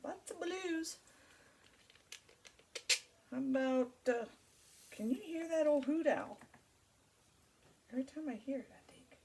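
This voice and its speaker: A woman's voice: high voice, moderate pace, vocal fry, long pauses, mellow, a little hiss or hum. Chatty woman hosting a crafting vlog. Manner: rambling, friendly, many fillers. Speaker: crafting channel host. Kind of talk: casual chat while crafting.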